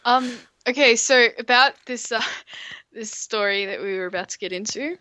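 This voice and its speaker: A woman's voice: a little high, moderate pace, sharp tone, no echo. A young woman co-hosting a podcast, teasing and laughing as she retells a story. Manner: teasing, laughing, acts out past exchanges. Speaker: podcast co-host. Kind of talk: casual chat.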